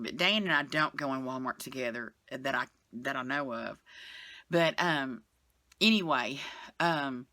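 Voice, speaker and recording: A woman's voice: deep voice, bright, forceful tone, dry recording. A middle-aged woman, vlogging from her bed in a frank, rambling chat that trails off and comes back with sighs. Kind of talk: casual chatty vlog. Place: bedroom, sitting on the bed.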